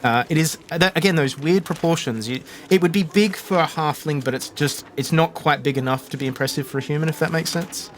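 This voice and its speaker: A man's voice: fairly high pitch, brisk, few pauses, a little hiss or hum. A man narrating a tabletop role-playing game as the game master, describing scenes with many fillers and restarts.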